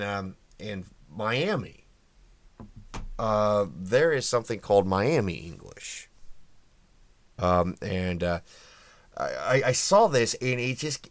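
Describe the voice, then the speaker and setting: A man with a somewhat low, voice delivers a wry, opinionated podcast monologue, filling pauses with ums and uhs. The sound is dry and close, with no room around it. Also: fairly bright tone, dry recording. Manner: wry, opinionated, many fillers. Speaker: podcast host. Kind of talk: casual political commentary monologue.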